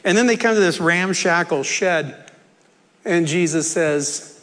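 A man's voice: a little high, unhurried, a bit bright, long reverb tail. A man preaching a sermon in an earnest, conversational way, with asides and jokes, in a church.

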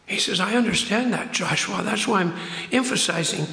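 An older man preaches a sermon in a church sanctuary, his voice high and bright. He acts out the quotes and drags out key words for emphasis. The room rings with a long, echoey reverb. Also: fairly quick, gravelly. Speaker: pastor. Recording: echoey hall.

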